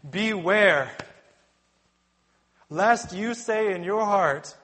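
Man preaching a sermon, fairly high voice, gets loud and punchy on the warnings. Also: a little slow. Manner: emphatic preaching, swelling loud on warnings and quotes.

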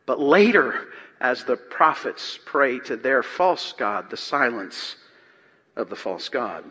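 Bright-voiced preacher in a reverberant hall. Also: male voice, mid-range voice, husky. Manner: swings from loud emphatic reading to quiet asides. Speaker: pastor. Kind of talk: sermon, reading and explaining scripture. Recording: long reverb of a large hall.

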